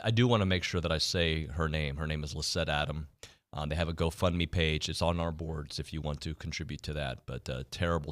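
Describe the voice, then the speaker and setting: A man hosting a sports talk radio show, moving from sober news to lively, ranting banter with his co-host. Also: sits low, dry recording, studio quality. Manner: animated, builds from somber to excited ranting. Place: radio studio. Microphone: studio mic.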